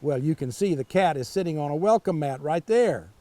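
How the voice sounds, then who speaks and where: A man's voice: a little high, animated, a little fast, mellow. An older man reading a picture book aloud to children at storytime, with folksy, chatty asides to the kids.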